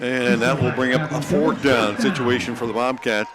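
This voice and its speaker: A man giving play-by-play for a high school football game, calling each snap quickly and joking like an auctioneer. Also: a loud crowd. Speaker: play-by-play announcer.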